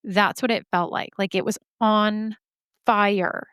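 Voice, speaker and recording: A woman's voice: medium pitch, fairly even intonation, takes it slowly, fairly bright tone, smooth, no echo, clean studio sound. A woman podcast host telling a personal story in a candid, chatty way, swearing freely. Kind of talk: casual storytelling.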